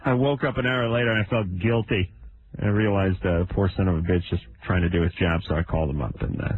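A man in his thirties co-hosting a late-night radio call-in show, ranting sarcastically and jumping his pitch up for comic bits. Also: steady tone, fast. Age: 30s. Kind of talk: casual comedic radio banter. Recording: narrow phone-like radio sound.

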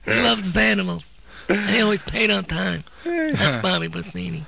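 A man putting on a high-pitched mobster type. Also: expressive, creaky, pushed and bright, full character voice. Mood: vouching. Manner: high, laughing, fast patter. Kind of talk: comic impression on a talk show.

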